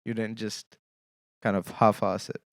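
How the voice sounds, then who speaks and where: Young male podcast host, casual joking chat, low pitch, smooth clean voice, dry close sound. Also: flat delivery, a little slow, no room sound. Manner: casual, joking, often checks in with "okay?". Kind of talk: solo podcast talk.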